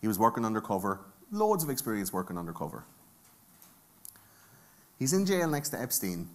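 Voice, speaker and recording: A man's voice: fairly low pitch, sing-song, a little fast. A man with an Irish accent giving a jokey, profane conference talk and bantering with the audience from the stage. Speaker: conference speaker. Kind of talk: comedic live talk.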